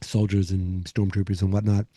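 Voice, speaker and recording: A man with a low, very dark and mellow voice talks through an episode recap as a podcast host. He rambles, with plenty of "um"s and restarts. The sound is dry and close, with no room echo. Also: flat delivery, normal speed. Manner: rambling, many fillers and restarts.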